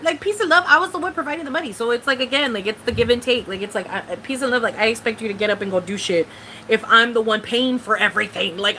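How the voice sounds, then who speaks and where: A woman's voice: mid-range voice, bright, forceful tone, slight background noise, poor audio. A young woman from Mexico ranting bluntly and profanely in a casual live-stream chat. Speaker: vlogger.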